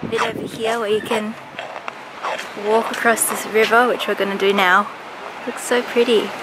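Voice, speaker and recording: A woman's voice: a little high, level tone, moderate pace. Bubbly young woman vlogging outdoors. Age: young adult. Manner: bubbly, giggly, upbeat. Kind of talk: casual vlog chat. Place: outdoors at beaches and eateries. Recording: loud background noise outdoors.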